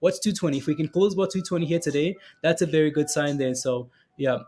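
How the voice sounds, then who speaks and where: A man's voice: a little high, steady tone, fast talker, darkish tone, slight background noise. A man giving casual live-stream commentary on stock charts, chatty and repetitive, often asking "right, guys?" and reading viewer comments aloud.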